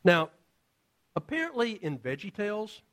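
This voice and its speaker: Animated, storytelling male pastor. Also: high voice, normal speed. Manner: casual, storytelling with acted-out voices. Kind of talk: sermon.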